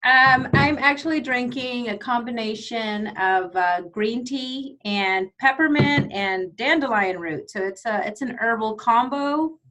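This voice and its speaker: Relaxed woman guest from Texas. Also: on the high side, unhurried, few pauses, poor audio. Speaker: podcast guest, speech pathologist. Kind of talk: casual chat.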